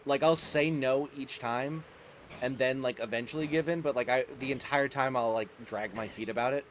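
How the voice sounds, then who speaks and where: Guy chatting on a livestream, keeps laughing and restarting sentences, average pitch. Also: moderate pace, slight background noise. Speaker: streamer. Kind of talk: casual livestream chat.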